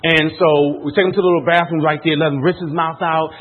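Male motivational speaker, husky and fairly high, animated and emphatic, heard through a thin phone-like line. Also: fast talker. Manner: animated storytelling, rising and pushing on key points. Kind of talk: motivational talk to a live audience. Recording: tinny phone-like sound.

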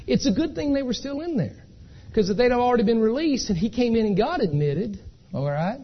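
Recorded with a muffled quality, this man's voice sits high and sounds husky. He's a speaker at an identity theft seminar, telling stories in a folksy, chatty live presentation and repeatedly asking his audience "okay?"

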